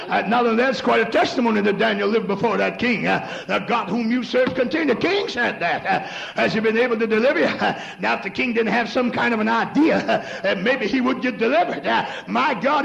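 An older man preaching a chanted church sermon, rhythmic and punctuated with "uh", rising to shouts. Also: very high voice, vocal fry. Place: church sanctuary. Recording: echoey church recording.

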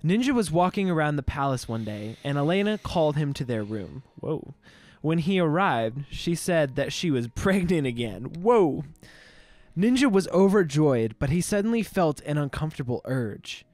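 A man's voice: on the high side, big pitch swings, normal speed, hardly any pauses, a little mellow. A young man co-hosting a podcast, reading an old story aloud with mock drama and bursts of laughter. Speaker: podcast co-host.

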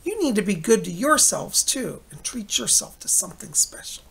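A man's voice: high-pitched, very animated, moderate pace, vocal fry, fairly bright tone, husky. A man chatting casually at home in a rambling vlog, looping back with "anyways" and restarts. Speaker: psychic vlogger.

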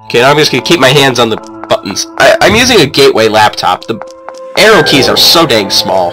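A man giving excitable let's-play commentary, talking to the characters and yelling in frustration at the controls. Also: mid-range voice, a little fast, low-quality recording. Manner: excitable, yells at the game. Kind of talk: game commentary. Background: game music.

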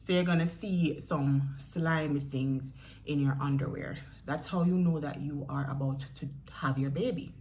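A woman's voice: sits low, steady tone, normal speed, a little mellow, slight background noise. A young Jamaican woman in a chatty storytelling vlog who speaks straight to her viewers. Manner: chatty, addresses viewers directly, acts out quoted voices. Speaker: vlogger.

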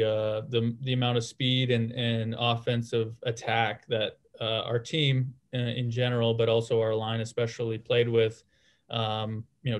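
A man in his thirties talks through his answers casually, piling up fillers and restarting his sentences. His pitch barely moves, giving a flat, level delivery that stays calm throughout. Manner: relaxed, many fillers and restarts. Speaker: guest, former hockey player.

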